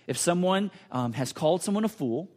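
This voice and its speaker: A man preaching a sermon with a slightly higher than usual voice. He talks earnestly, repeats and restarts his phrases, and sometimes sinks to a near whisper to drive a point home. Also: lively intonation, a little fast. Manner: earnest, repetitive preaching with many restarts and dramatic drops to a hush. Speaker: pastor.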